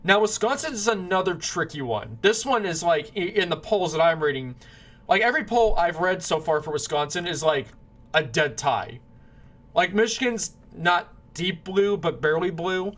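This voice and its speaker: A man talks through his election predictions in a loose, rambling way, his voice sitting a little higher than most men's. He keeps restarting sentences and apologizing whenever he trips over a name. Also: expressive, moderate pace, a bit bright. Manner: rambling, self-correcting, apologetic over names. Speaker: political commentator. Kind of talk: casual predictions monologue.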